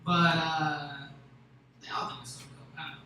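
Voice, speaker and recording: Young male stand-up, crude rambling storyteller, hard bright tone, roomy echo, faint hiss. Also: fairly high pitch, level tone, normal speed. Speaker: stand-up comedian. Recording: echoey room with faint noise.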